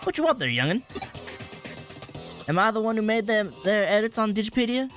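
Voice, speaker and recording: Brief: man doing a touchy game bug creature, folksy drawl, higher pitch, cranky. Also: lively intonation, brisk, music in the background.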